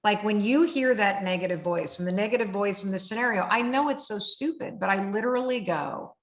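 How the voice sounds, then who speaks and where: Animated middle-aged woman, roomy echo. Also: medium pitch, fairly quick, hardly any pauses. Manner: animated, vivid storyteller. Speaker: host. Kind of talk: conversational interview.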